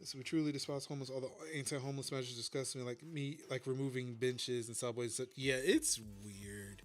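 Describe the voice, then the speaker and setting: A man's voice: mid-range voice, steady tone, fairly quick, soft background music. A man hosting a casual tech podcast, reading headlines and chatting with loose, profane remarks. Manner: casual, swears, reads headlines. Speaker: podcast host.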